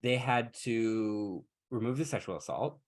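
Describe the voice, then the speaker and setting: Male podcast host, mid-pitched, sarcastic and casual, swears freely. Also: a little slow. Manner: wry, sarcastic storytelling. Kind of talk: casual chat.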